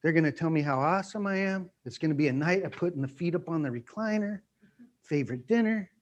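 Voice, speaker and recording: A man preaching as a pastor, animated and acting out everyday scenes, often putting questions to his listeners. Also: fairly high pitch, fast, muffled recording. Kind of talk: sermon teaching.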